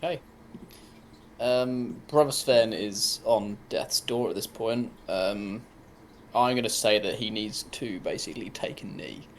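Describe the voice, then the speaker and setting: Lowish-voiced man running a tabletop game. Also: unhurried, a little hiss or hum. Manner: relaxed, with frequent ums. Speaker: game master.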